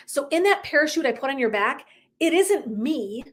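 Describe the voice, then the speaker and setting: Speaking at normal speed with lively intonation and a fairly high voice, a woman life coach hosts a live motivational broadcast. She's emphatic, curses freely, and often laughs while playing out conversations with her listeners.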